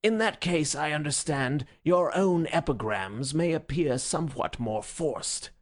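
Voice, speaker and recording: A man's voice: fairly high pitch, lively intonation, voice pushed up. A man doing a ponderous older professor. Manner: slow, weighty delivery. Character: ponderous, plain-spoken older male professor. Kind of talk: audiobook character voice.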